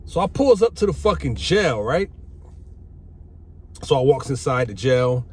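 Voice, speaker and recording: A middle-aged man casually telling a personal story, animated and profane. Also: medium pitch, a little slow, long pauses, breathy edge. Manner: animated, profane, acts out quoted voices. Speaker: vlogger telling his life story. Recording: faint background noise.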